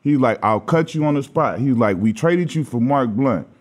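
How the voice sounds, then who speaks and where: A former basketball player from Los Angeles, appearing as a podcast guest, spins casual stories at a fairly quick clip in a medium-pitched voice. He's an animated storyteller who acts out the voices of the people he quotes and laughs often.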